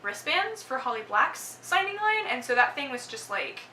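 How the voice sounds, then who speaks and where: Young Texan woman, gushing chatty storyteller, higher voice; roomy, distant sound. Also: big pitch swings, moderate pace, pushed and bright, slight background noise. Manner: gushing, lots of "like" and laughs. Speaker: book vlogger. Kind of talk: casual storytelling recap.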